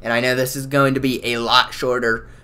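A gaming YouTuber giving live gameplay commentary, excitable and yelling at the game with mild cussing, then winding down calmly to talk to viewers. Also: fairly quick, clear, resonant tone. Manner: calm, low-key wrap-up when talking to viewers.

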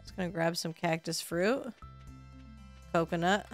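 Slow-talking woman streamer, sarcastic. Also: lowish voice, faint music behind. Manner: chatty, sarcastic, swears, yelps when panicked. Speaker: streamer playing a farming game. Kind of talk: casual let's-play commentary to chat.

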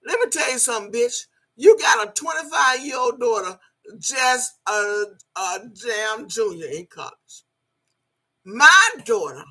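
A woman's voice: fairly high pitch, husky. An older woman with a Southern Alabama accent, ranting profanely and heatedly at a viewer on a livestream. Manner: profane, heated, shouting insults. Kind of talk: livestream rant.

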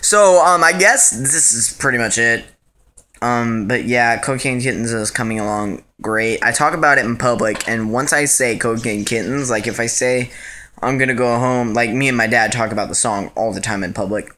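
A man chatting into an action camera at home in a loose, scattered way. He drifts between thoughts and fills the gaps with ums and likes. His voice sits at an ordinary middle pitch. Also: moderate pace, pushed and bright. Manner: rambling, scattered, lots of fillers. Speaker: vlogger. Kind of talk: casual solo vlog.

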